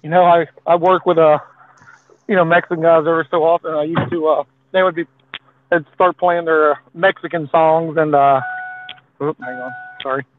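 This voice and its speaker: A man's voice: on the high side, fairly even intonation, moderate pace, no room sound. A man from Texas rambling in a casual chat, with many fillers. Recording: tinny phone-like line.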